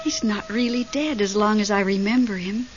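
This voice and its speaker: An actress in a vintage radio drama, playing a lonely widowed woman haunted by her late husband, who is lively and easily startled. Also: medium pitch, moderate pace, over music, natural voice. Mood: devoted. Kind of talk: 1970s radio drama acting. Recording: dull hissy old radio recording.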